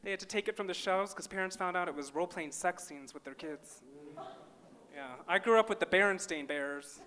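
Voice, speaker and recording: A man's voice: sits high, brisk, pushed and bright. A man from small-town Minnesota doing a live stand-up comedy set on stage, with wry, self-deprecating punchlines.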